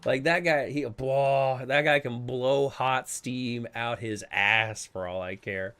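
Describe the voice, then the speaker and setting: A man at an ordinary middle pitch chats while streaming a game, talking bluntly and swearing freely. He rambles and restarts his sentences, rising into loud, animated riffs and then dropping into quieter asides. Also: slow pace. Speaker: game streamer hosting a multiplayer server. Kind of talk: casual chat while streaming.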